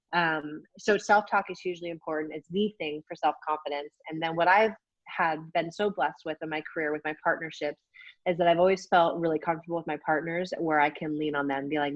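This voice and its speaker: A woman's voice: low voice, fairly even intonation, a little fast, no room sound. A woman in her forties, an athlete guest in a casual interview, talking candidly and enthusiastically with lots of fillers. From United States. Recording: dull, dry lo-fi call audio.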